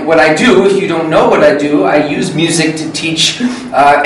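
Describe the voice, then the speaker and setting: A man's voice: fairly high pitch, a little hiss or hum. A man leading an English workshop for teachers and students, showing rhythm and intonation by saying phrases aloud. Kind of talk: live classroom workshop teaching. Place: large hall with an audience. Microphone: far from the microphone. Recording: echoey hall, voice from far off.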